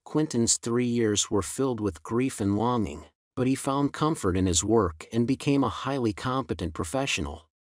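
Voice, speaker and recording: A man narrating a scripted melodramatic story in an even, unhurried reading. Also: medium pitch, dry recording, studio quality.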